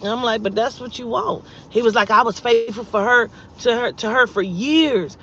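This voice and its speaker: A woman vlogging casually to her viewers, blunt and profane, jumping between loud outbursts and low, muttered asides as she tells a story from a parked car. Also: moderate pace, husky. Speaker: vlogger and spiritual reader. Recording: dull lo-fi sound with faint vehicle noise.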